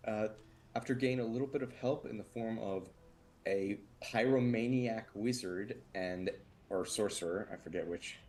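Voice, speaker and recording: A tabletop game player giving a casual recap of the last session, unhurried and stopping to correct themself. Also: medium pitch, a little mellow, a little hiss or hum. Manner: unhurried, with fillers and self-corrections.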